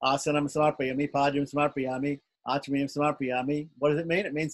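A man's voice: medium pitch, flat delivery, brisk, low-quality recording. A man teaching an online chanting class, patiently going syllable by syllable and often correcting himself.

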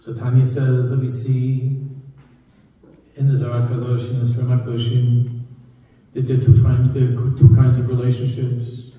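A man's voice: medium pitch, monotone, moderate pace, dark tone. Man, rabbi, sermon, conversational storytelling, emphatic repetition, long hall reverb, strong room echo. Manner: conversational storytelling, repeats key phrases for emphasis. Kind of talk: sermon to a live audience. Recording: echoey hall, distant mic.

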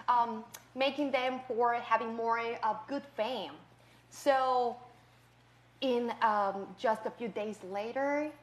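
Slow-speaking woman in an echoey church. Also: fairly high pitch, fairly bright tone. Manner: slow and simple, with pauses and fillers. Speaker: children's message leader. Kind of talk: children's message and prayer. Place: church sanctuary.

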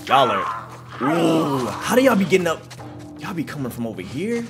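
A man's voice: on the high side, very animated, normal speed, loud music behind the voice. A man giving live, slangy reaction commentary while playing a video game, trash-talking the enemies. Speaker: gaming channel host.

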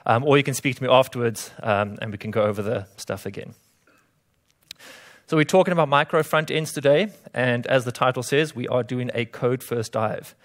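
A man with a South African accent speaks at a developer conference, his voice sitting at an ordinary middle pitch. He delivers his talk with dry, self-deprecating humor. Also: moderate pace. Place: conference room.

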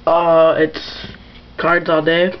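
A young man in a casual vlog, showing his card collection and naming the cards haltingly, with many fillers. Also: on the high side, monotone. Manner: mumbling, lists items haltingly with many fillers. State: annoyed after a chipped tooth. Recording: muffled lo-fi home recording with background noise.

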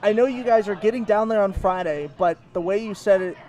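Young man, host, high voice, joking banter, casual interview. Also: brisk, a little mellow.

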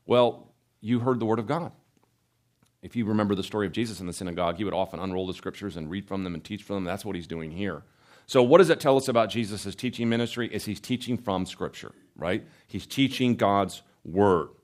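Guy with a lowish voice teaching bible study, chatty, keeps asking questions and tossing in "right?". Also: fairly quick. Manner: animated, asks rhetorical questions, adds "right?" tags. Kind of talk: conversational teaching lecture.

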